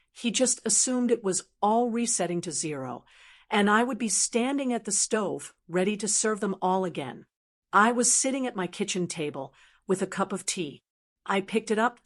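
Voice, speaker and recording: An older woman narrating a first-person story in a calm, measured, quietly firm way. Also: medium pitch.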